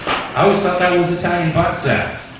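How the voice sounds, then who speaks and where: A man's voice: high voice, moderate pace, very echoey, recorded from a distance, muffled recording, very noisy. A man doing a stand-up comedy routine, saying "you know" often, recorded from afar in a small club. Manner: says "you know" a lot.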